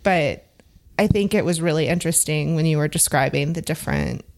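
Deep-voiced woman thinking aloud. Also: fairly quick. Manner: thoughtful, hesitant, with many fillers and restarts. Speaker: podcast discussion participant. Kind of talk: casual discussion.

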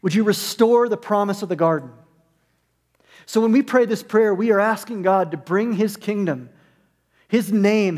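A man preaching as a pastor in a sermon, conversational with humorous asides, in a church sanctuary. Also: high voice. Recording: long hall reverb.

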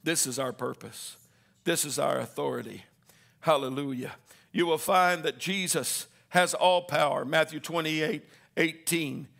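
A man preaching a sermon, calling on the congregation to answer back and rising into shouted lines. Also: fairly high pitch, a little slow, vocal fry. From Southern Indiana.

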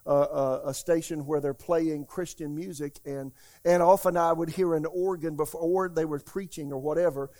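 A man preaching an Easter Sunday sermon as pastor, emphatic and calling out to the congregation, swinging from loud declarations to quiet asides. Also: high-pitched. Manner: emphatic preaching, asks the congregation "How many hear me?".

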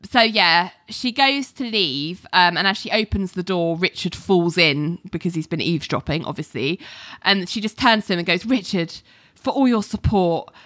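Bright-voiced chatty woman recapping. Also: lowish voice, expressive, moderate pace, dry recording, studio quality. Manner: chatty, many ums and likes. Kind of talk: casual recap of a TV episode.

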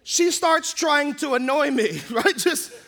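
A man preaching a sermon as a pastor, telling the story with lively, acted-out storytelling. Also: very high-pitched, slow pace. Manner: animated storytelling, acting out the scenes.

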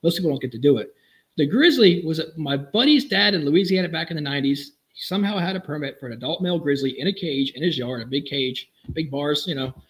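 A man who builds custom vehicles, telling animated, enthusiastic stories as a podcast guest. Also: fairly high pitch, low-quality recording. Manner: animated, enthusiastic, quick storyteller. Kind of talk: casual storytelling in a podcast interview.

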